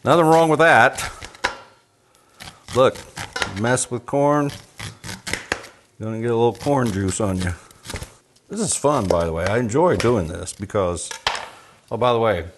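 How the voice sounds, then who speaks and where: A man from Texas cooks in his home kitchen, bacon frying and sizzling as he demonstrates a recipe with folksy, joking talk. His medium-pitched voice has lively intonation and a measured pace broken by long pauses, with background noise throughout.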